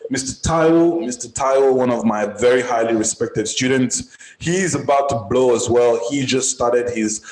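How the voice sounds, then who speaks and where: Brief: male forex coach from Nigeria, mid-pitched, chatty and upbeat, echoey room. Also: normal speed. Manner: upbeat, chatty shout-outs. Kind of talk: casual live group call. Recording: roomy echoey sound.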